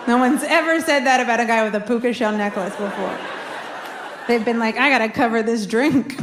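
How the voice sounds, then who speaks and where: A woman with a high voice performs stand-up comedy on a club stage, telling her story in an animated way and acting out the quoted lines. The live recording carries a clearly audible crowd and steady noise behind her. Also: fairly quick. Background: audience laughter.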